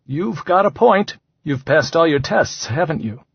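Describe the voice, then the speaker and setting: A man's voice: on the high side, lively intonation, a little slow, gravelly, slightly rough, no echo, exaggerated voice. A man voicing a mild, reasonable father in an audiobook. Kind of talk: audiobook character voice. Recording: slightly dull, dry recording.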